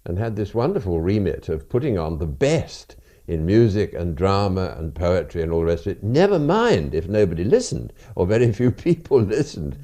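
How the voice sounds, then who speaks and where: An older man from England, very deep and mellow in tone, talks as a guest on a radio interview. His pitch rises and falls a lot as he chats along, stumbling over and repeating words in a relaxed, self-deprecating way.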